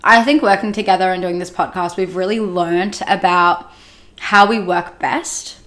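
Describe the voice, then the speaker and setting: A woman co-hosting a podcast, her voice husky and partly lost from illness, chatting in a reflective, easygoing way. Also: lowish voice, fairly even intonation, normal speed, fairly bright tone. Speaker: podcast co-host. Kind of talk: casual chat.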